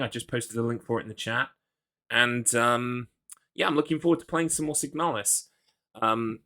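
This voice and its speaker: Male streamer, bright voice, loose rambling chat, jokes at his own expense. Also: medium pitch. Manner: rambling, self-deprecating, reads chat aloud. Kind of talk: casual live-stream chat.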